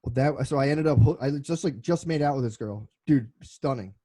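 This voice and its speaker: A man's voice: medium pitch, brisk, warm tone, dry recording. A young man co-hosting a comedy podcast, rambling through stories with lots of swearing. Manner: rambling storytelling, heavy swearing. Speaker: podcast co-host. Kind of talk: casual comedic chat.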